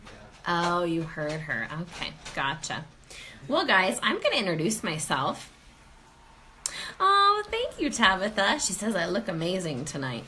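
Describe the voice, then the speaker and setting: A woman's voice: on the low side, huge pitch swings, measured pace, sharp tone, slight background noise. A woman from Colorado hosting a casual live stream from home, greeting viewers by name and laughing often. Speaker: host of a live sales stream. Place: home, near the kitchen.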